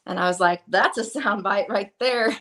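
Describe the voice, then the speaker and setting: A woman's voice: mid-range voice, normal speed, fairly bright tone. A woman chatting casually as a guest, rambling and self-deprecating, acting out little asides as she talks. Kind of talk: casual chat.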